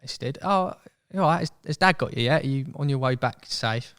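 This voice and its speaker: A young man telling a story as a podcast guest in casual chat, animated and acting out voices. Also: medium pitch, a little fast, clean tone. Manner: chatty, animated, acts out quoted voices.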